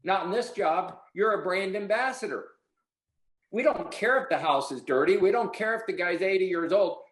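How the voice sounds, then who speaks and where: Brief: male sales trainer, high-pitched, blunt and preachy, roomy echo. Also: moderate pace, fairly bright tone. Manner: preachy, blunt, swears casually. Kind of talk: motivational sales coaching.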